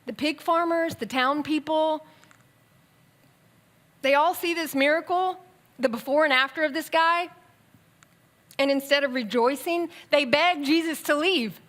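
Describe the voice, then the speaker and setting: A woman preaching a sermon in a conversational, animated way, with quick bursts and asides. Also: high-pitched. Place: church sanctuary.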